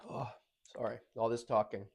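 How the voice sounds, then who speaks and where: A man's voice: mid-range voice, little pitch movement, normal speed, gravelly, breathy edge. A young man talking through a casual check-in on his own, rambling and correcting himself as he goes. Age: young adult. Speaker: vlogger.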